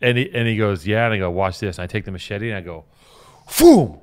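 A man on a casual podcast, a laid-back storyteller who drops in quick agreeing interjections. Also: fairly low pitch, a bit bright, clear, resonant tone. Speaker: podcast co-host.

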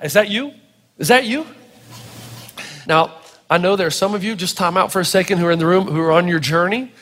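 A man preaching a sermon, animated and playful, acting out quotes as he goes. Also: high-pitched, fast talker, big-room sound. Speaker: pastor. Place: church hall with audience.

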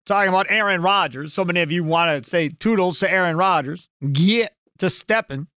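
A man hosting a sports talk radio show from a studio, talking in an animated, emphatic way and readily agreeing with callers. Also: high-pitched, brisk, few pauses, dry recording. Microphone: studio microphone.

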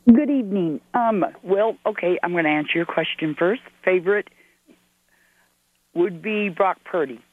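A woman's voice: fairly low pitch, moderate pace. A woman from Arizona calling in to a radio show, speaking politely and formally. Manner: polite, formal, says sir. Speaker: caller. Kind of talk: call-in radio. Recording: tinny phone line.

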